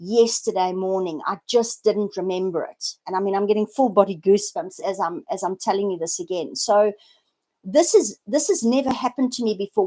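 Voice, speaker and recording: A woman's voice: medium pitch, darkish tone. A woman in her forties telling a personal story on an unscripted live video, earnest and reflective, often restarting and repeating words. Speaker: spiritual vlogger sharing a personal story.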